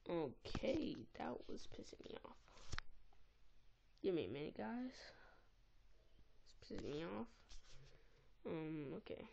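A woman giving casual, excitable and easily exasperated commentary while playing a game, recorded on a tablet's built-in mic. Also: fairly low pitch, takes it slowly, gravelly, pauses often, dull audio, slight background noise. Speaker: gameplay recorder.

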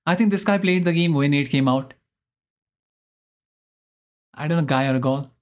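Excitable young male game streamer. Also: fairly high pitch, normal speed, pauses often. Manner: excitable, rambling, self-mocking. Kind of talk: live gameplay commentary.

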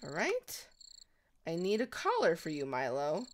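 A woman hosting a let's-play, chatting casually through her game and talking sweetly to her in-game pets, with sudden excited shrieks. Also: lowish voice, a little slow, slight background noise. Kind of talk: casual gameplay commentary.

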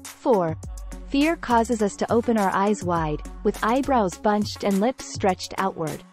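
A woman giving scripted narration of a book summary in an even, measured, explanatory way. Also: mid-range voice, faint music behind.

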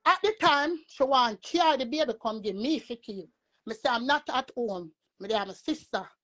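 High-voiced woman telling a story in patois. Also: moderate pace. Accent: Jamaican patois. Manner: animated rambling storytelling in patois. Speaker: storyteller guest. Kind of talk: casual live chat storytelling.

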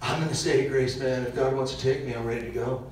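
A man's voice: medium pitch, fast talker. A man giving a parish mission talk, telling stories and acting out what people said. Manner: animated storyteller acting out quotes. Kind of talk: storytelling talk to a church audience. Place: large church. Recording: echoey church, distant mic, faint hiss.

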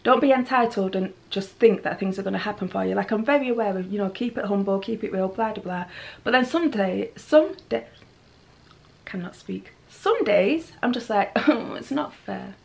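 A woman chats straight into her camera from home, her voice at an ordinary middle pitch. She rambles freely from one thought to the next and laughs at her own waffling. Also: normal speed, gravelly. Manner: rambling, chatty, self-deprecating. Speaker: lifestyle vlogger. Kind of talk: casual talk to camera. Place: at home, indoors. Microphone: handheld camera mic.

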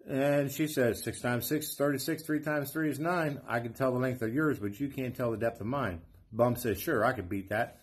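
A man with a husky, breathy voice tells a joke in a soft, low-key way. The delivery stays quiet and even. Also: moderate pace. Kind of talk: casual joke telling.

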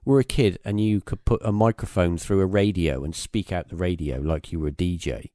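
This podcast host's voice sits low and mellow, and he talks a little fast while telling a long, casual, rambling anecdote heavy on fillers. There's no echo, and the sound is studio quality.

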